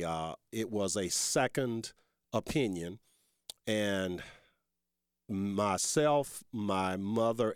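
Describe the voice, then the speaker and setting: With a low, smooth voice captured in studio quality and free of room sound, a man hosts talk radio. He rambles folksily, calls his audience folks, and grows emphatic and heated while arguing.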